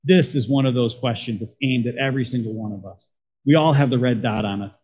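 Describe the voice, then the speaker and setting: A man's voice: medium pitch, brisk, a little mellow, highs cut off, a little hiss or hum. A man preaching a sermon as a pastor, talking conversationally and putting questions to his congregation.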